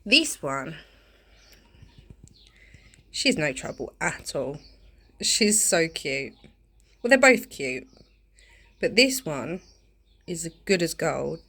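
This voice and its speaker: A woman's voice: deep voice, big pitch swings, slow pace, vocal fry, long pauses, fairly bright tone, breathy edge. Rambling woman vlogging at home. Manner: rambling, chatty, many ums. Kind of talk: casual home vlog chat. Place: home, indoors.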